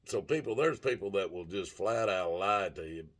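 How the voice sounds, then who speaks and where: A man's voice: deep voice, animated, moderate pace, a bit bright, slight background noise. An older man telling a rambling, profane story in a casual vlog, often stopping to search for words. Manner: rambling, profane, gropes for words with many fillers. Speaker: vlogger.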